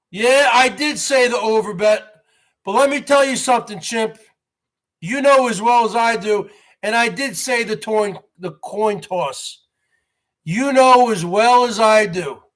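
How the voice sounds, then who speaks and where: A man's voice: high voice, a bit bright. A boastful man from New Jersey hosting a rambling live stream, calling the audience "folks" and greeting viewers by name. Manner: boastful, repeats "folks" and "bottom line".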